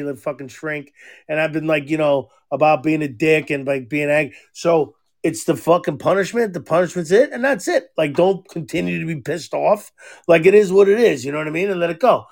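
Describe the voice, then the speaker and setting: High, gravelly-voiced man telling stories. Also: brisk. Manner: profane, animated storytelling full of fillers. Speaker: podcast host; father. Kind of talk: casual storytelling chat.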